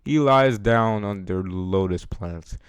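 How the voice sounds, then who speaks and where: A man's voice: on the low side, slow, clean tone, no echo, studio quality. A young man reading scripture aloud, stumbling over words and restarting, with casual, laughing asides. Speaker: Bible reader.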